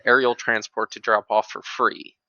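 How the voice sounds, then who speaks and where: A man's voice: on the low side, little pitch movement, normal speed, sharp tone, no echo. A man on a podcast panel, explaining game rules in casual chat. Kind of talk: casual tabletop wargame chat. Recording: dull lo-fi mic.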